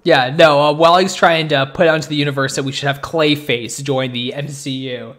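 A man's voice: on the high side, fairly even intonation, fairly bright tone. Joking young-sounding podcast host, man. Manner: joking, rambling, quick asides. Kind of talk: casual chat.

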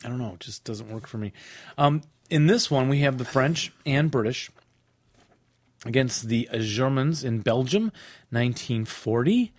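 A man's voice: medium pitch, expressive, measured pace, no echo. Podcast co-host, man, casual chatty delivery, dry close sound. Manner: chatty, laughs often, reads rules off cards. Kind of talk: casual chat about wargaming.

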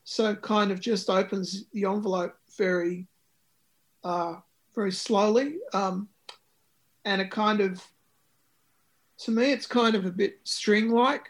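A man's voice: sits high, steady tone, measured pace, long pauses. A man, a musician talking about his record in an interview, with many ums and restarts. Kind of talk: conversational interview.

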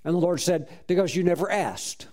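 A male pastor telling stories in a sermon, animated and exclaiming praise often. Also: high voice, brisk. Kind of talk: sermon storytelling.

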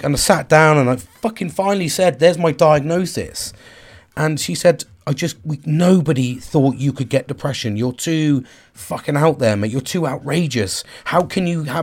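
A man in his forties talks straight to the listener in a raw, unscripted monologue. He swears freely, breaks off and restarts as he hunts for the right words, and his voice sits a little higher than most men's. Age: 40s. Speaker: vlogger. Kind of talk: candid personal monologue.

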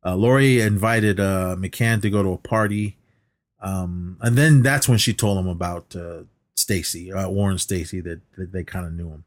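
A man's voice: low voice, fairly even intonation, moderate pace, no room sound. A man co-hosting a podcast, casually retelling a film's plot in a rambling way and quoting the characters as he goes. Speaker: podcast co-host. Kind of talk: casual film recap chat.

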